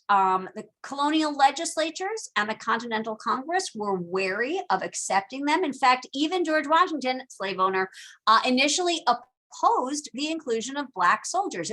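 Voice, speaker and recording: A woman's voice: a little high, fairly bright tone. A woman teaching a casual recorded lecture, chatty and full of asides and fillers.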